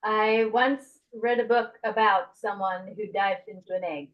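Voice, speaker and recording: A woman's voice: mid-range voice, steady tone, a little slow. A woman playing in a tabletop game with a dry, wry manner, describing her character. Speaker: player. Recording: slightly dull lo-fi mic.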